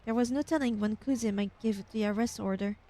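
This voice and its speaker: A young woman streamer reading a game's text aloud with expressive narration and casual asides. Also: on the high side, fairly quick.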